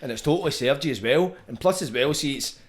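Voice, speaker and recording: A man's voice: a little high, lively intonation, quick pace. A man hosting a podcast, chatting casually and asking probing questions. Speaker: podcast host.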